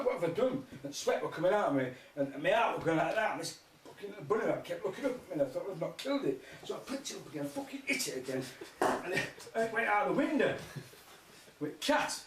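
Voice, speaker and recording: A man's voice: high-pitched, far from the mic. A man telling rambling, sweary stand-up jokes and laughing along with them. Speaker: comedian. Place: live music festival stage. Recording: roomy hall, mic from afar, faint noise.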